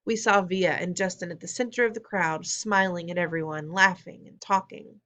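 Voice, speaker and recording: A woman's voice: fairly low pitch, fairly even intonation, normal speed, fairly bright tone. A woman narrating a storybook in the first person, plain and conversational. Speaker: audiobook reader.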